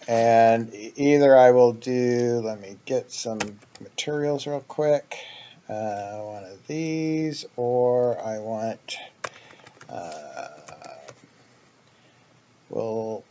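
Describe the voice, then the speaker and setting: Male let's play host, mellow and unhurried, rambling thinking-aloud delivery, slightly muffled mic. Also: fairly low pitch, a little hiss or hum. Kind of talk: casual gameplay commentary.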